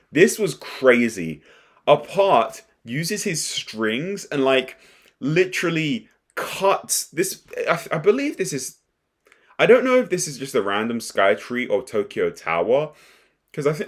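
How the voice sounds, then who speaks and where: A young man casually recapping and reacting to an anime episode, rambling and excitable with frequent restarts. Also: mid-range voice. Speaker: anime commentator.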